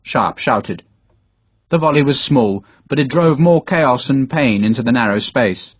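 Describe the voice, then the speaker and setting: Male narrator, dramatic reading, expressive pitch, muffled dry lo-fi recording. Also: normal speed, no echo. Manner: dramatic storytelling, voices all characters. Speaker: audiobook narrator. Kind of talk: scripted narration. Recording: dull, dry lo-fi audiobook recording.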